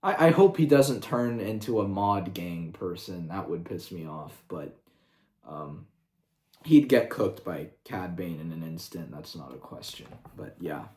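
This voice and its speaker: A man ranting casually as a video creator, excitable and profane, with quick asides. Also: low-pitched. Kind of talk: casual rant. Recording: roomy echo.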